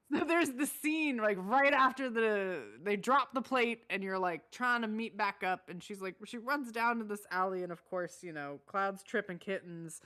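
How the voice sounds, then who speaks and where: A woman streamer in casual chat, excitable and full of swearing, shrieking when exasperated. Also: mid-range voice, measured pace.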